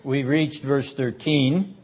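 Slow, deliberate older male lecturer. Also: medium pitch, fairly even intonation, a little mellow, slightly rough. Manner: measured, deliberate delivery, rising in force for quoted verses. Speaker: seminary lecturer. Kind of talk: classroom lecture on scripture. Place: classroom. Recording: dull lo-fi lecture recording.

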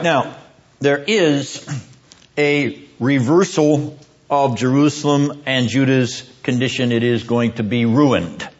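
Man lecturing on scripture, unhurried, grave emphatic stresses, frequent throat clearing, dull recording. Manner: deliberate, often clears throat; drops low and grave when stressing judgment. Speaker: seminary lecturer. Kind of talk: classroom Bible lecture.

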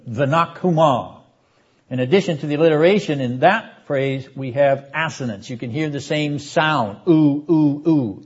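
An older man teaching a seminary class on a biblical prophet, speaking in a measured, emphatic way and sounding out Hebrew words. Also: medium pitch, husky, dull audio. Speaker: seminary lecturer. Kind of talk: classroom Bible lecture.

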